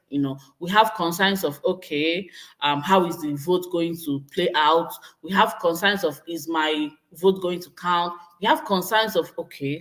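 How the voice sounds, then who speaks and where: A Nigerian woman in her thirties hosting a livestream vlog, chatting to viewers in a lively, exclamatory way and reading out their comments. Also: on the low side. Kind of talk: casual livestream talk to viewers.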